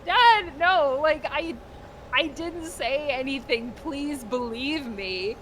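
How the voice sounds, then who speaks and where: A frightened young boy pleading in a high, small, quiet voice, as a woman puts him on. He stammers and sounds timid. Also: takes it slowly, a little hiss or hum. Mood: scared.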